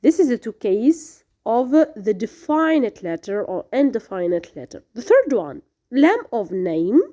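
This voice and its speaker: Slow, lively-voiced woman teaching letter sounds. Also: a little high. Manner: hesitant, many fillers and restarts, sounding out letters. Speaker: tajweed teacher. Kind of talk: recorded lesson explaining letter pronunciation.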